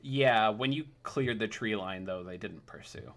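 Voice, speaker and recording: A man's voice: on the low side, unhurried, a little hiss or hum. A man narrating as game master of a tabletop game, casual and full of hesitant fillers.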